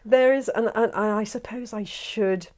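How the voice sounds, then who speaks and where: A woman's voice: fairly high pitch, moderate pace, darkish tone. A woman who narrates and directs audiobooks, chatting as a guest in a recording studio and often restarting and repeating words as she talks. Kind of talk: casual interview chat.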